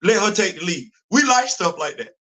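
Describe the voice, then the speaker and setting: A man hosting a casual live-stream chat about comics and culture, animated and repeating phrases for emphasis. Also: high-pitched, moderate pace, poor audio.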